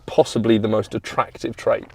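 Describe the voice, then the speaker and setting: A man, a podcast guest telling lively, enthusiastic stories in casual chat. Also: lowish voice, moderate pace, gravelly, slightly rough. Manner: enthusiastic, animated anecdotes with quoted voices. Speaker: guest, automotive content creator.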